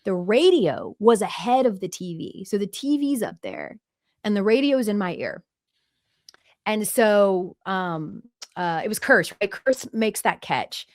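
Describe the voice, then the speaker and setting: A woman's voice: mid-range voice, a little slow, no echo, studio quality. A woman sports anchor, a guest on a podcast, chatting casually and acting out the quotes in her stories. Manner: lively storyteller, acts out quotes. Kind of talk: casual interview chat.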